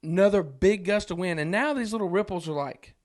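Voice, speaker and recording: A man with a notably high voice tells a story as a podcast guest. He talks casually and acts out the voices of the people in the story. He laughs between lines as he goes. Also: a little fast. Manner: animated, acts out quoted voices, frequent laughs.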